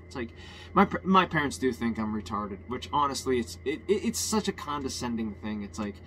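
A man's voice: mid-range voice, sing-song, normal speed, fairly bright tone, slight background noise. A man ranting in a heated, rambling personal monologue, swearing often and restarting his sentences.

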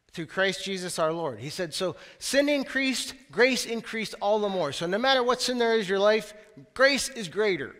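Male pastor, high voice, talky sermon delivery, church reverb. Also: a bit bright. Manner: conversational preaching with asides. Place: church sanctuary.

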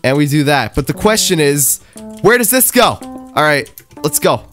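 A young man giving excitable gaming commentary, talking to himself while he plays. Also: fairly high pitch, moderate pace, soft background music. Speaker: gaming YouTuber.

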